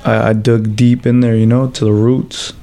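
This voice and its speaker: A professional fighter telling stories in a casual interview, loose and full of swearing, with fillers like "you know" and "like.". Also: male voice, medium pitch, flat delivery, moderate pace, creaky, mellow, faint music behind.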